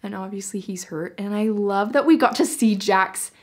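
A young woman excitedly reviewing a novel in a casual vlog, gushing and peppering her talk with "like". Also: mid-range voice, moderate pace. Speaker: book reviewer.

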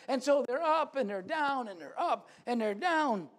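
A man preaching a sermon in a church, animated, acting out quoted voices with big swings in loudness. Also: extremely high pitch, normal speed, hardly any pauses.

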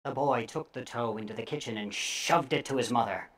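A woman storyteller reading scary stories aloud theatrically, dropping to hushes and bursting out loud. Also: very deep voice, fairly quick.

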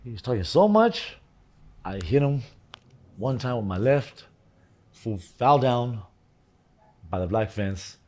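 A man telling a story in a lively way, acting out voices, swearing and mixing in Spanish phrases. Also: medium pitch, takes it slowly, long pauses. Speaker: storyteller guest. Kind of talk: animated storytelling.

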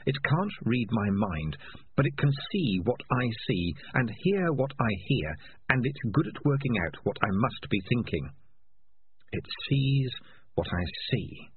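A man voicing a shrewd, wary male cat who mutters his words in a low voice. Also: very animated, unhurried, slight background noise. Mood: dismayed. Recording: lo-fi phone-like sound.

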